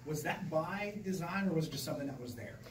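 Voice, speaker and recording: A man's voice: a little high, animated, quick pace. A man, a sports reporter, asking direct questions at a postgame press conference. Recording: echoey room, distant mic, background noise.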